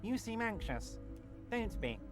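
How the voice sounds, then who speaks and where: A man voicing a smug, jovial middle-aged union boss who talks in a smooth, falsely reassuring way. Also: high voice, very animated, unhurried, pitched above the performer's own voice. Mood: mock-soothing. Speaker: player voicing game characters. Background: game music.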